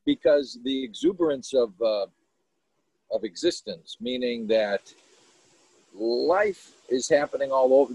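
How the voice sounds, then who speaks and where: A man's voice: mid-range voice, a little mellow, breathy edge, no echo, rough recording. A man hosting a casual video chat, earnest and rambling as he searches for words.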